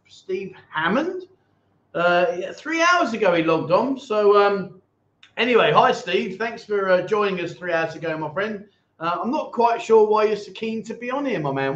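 Male livestream host, high voice, jokey banter, echoey lo-fi room sound. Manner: chatty, jokey banter with viewers. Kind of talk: casual live chat reading comments.

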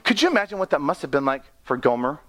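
A man preaching an animated sermon, often laughing and acting out the people in his story. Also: a little high, quick pace. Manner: excitable, laughs often, acts out characters.

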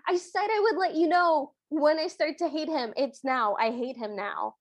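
A woman's voice: high-pitched, normal speed, dry recording. A woman co-hosting a podcast, casually and expressively retelling a movie and giving her opinions. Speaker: podcast co-host. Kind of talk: casual movie recap chat.

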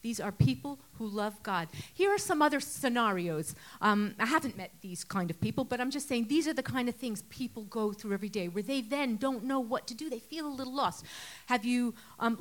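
An earnest woman delivering a sermon. She talks conversationally, asks her listeners rhetorical questions, and her voice sits a little on the higher side. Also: animated, normal speed. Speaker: preacher.

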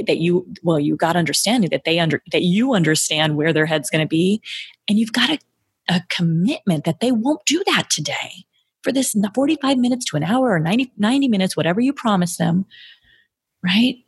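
A woman giving an energetic, emphatic sales coaching talk on a podcast, acting out sample lines she would say to clients. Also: lowish voice, fairly quick, husky, no room sound, studio quality.

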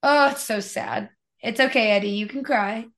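A woman co-hosting a casual film discussion, teasing dryly and agreeing quietly. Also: a little high, moderate pace. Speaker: podcast co-host.

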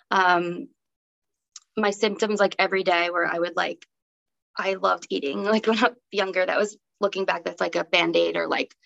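A woman's voice: medium pitch, vocal fry, fairly bright tone. A young adult woman telling her own story as a podcast guest in casual, conversational speech filled with "um" and "like". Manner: chatty, many fillers like "um" and "like". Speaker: podcast guest, breathwork teacher. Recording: dull lo-fi audio.

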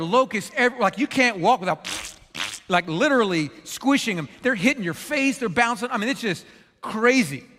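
Earnest pastor giving a sermon, a man with a high voice, in a reverberant hall. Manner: earnest, animated storytelling, acts out quotes.

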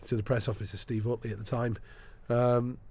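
Man telling lively sports anecdotes. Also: medium pitch, brisk, slightly rough. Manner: lively storyteller, acts out the people he quotes. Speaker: sports broadcaster. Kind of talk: anecdotal storytelling in a podcast interview.

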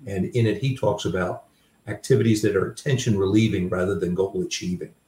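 A man's voice: sits low, steady tone, fairly quick, warm tone, slight background noise. An older man, a guest author, telling personal stories in a reflective conversational way with many fillers. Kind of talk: conversational storytelling. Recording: roomy sound, distant mic.

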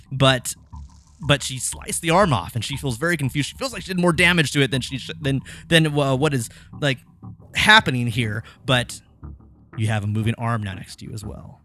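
Bright-voiced male game master. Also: mid-range voice, lively intonation, normal speed. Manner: casual, laughing, swears freely. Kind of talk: narrating a tabletop game.

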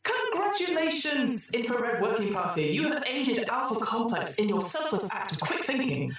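A woman voicing a cheerful, bureaucratic surveillance computer that makes slow, officious announcements. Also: a little high, sing-song, a bit bright, distant mic, pitched above the performer's own voice. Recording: echoey room.

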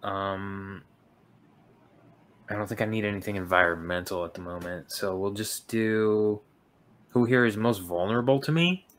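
Low-voiced guy unsure what to pick in a tabletop game, thinking out loud. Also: moderate pace, long pauses. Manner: hesitant, thinking aloud. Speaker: player.

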